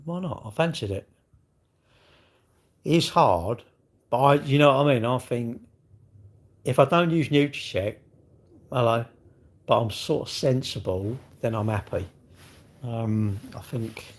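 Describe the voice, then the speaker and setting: A man's voice: medium pitch, creaky. A man chatting casually on a live stream, rambling from thought to thought and greeting viewers mid-sentence.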